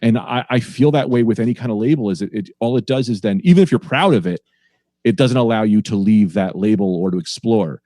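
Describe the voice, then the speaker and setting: A man's voice: lowish voice, brisk, mellow, no echo, clean studio sound. A man, a stand-up comedian, talking casually on a podcast and playing with sing-song inflections.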